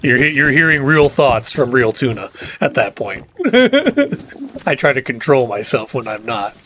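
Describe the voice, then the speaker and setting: On his game livestream, a middle-aged gamer speaks at a measured pace in a very animated, mid-range voice with a fairly bright tone. He rants heatedly, cussing and laughing as he chats casually, with a little hiss or hum in the audio.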